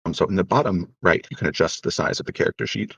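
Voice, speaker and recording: A man running an online tabletop game as game master, giving quick, helpful directions. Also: sits low, gravelly, a bit bright, husky, no room sound. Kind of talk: casual chat on a call. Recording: muffled distant mic.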